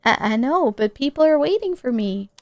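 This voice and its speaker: A woman's voice: high-pitched, expressive, moderate pace, a little mellow, no room sound. A young woman reading the lines of a determined young woman survivor in a firm, matter-of-fact tone. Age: young adult. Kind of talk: reading game dialogue aloud.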